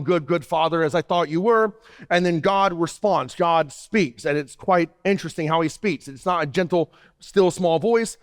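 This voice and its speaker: A man preaching an emphatic sermon as pastor, his pace often shifting. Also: fairly high pitch. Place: church sanctuary. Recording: church hall reverb.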